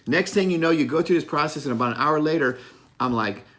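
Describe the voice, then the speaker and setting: A man's voice: on the high side, fast talker, fairly bright tone. A middle-aged man giving an unscripted motivational talk, blunt and profane, stressing his points and laughing at himself now and then. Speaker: motivational speaker.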